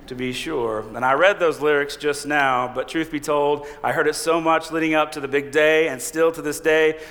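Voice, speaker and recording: A man's voice: on the high side, a bit bright. A man preaching a sermon as a pastor, conversational and humorous, often laughing. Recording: reverberant hall.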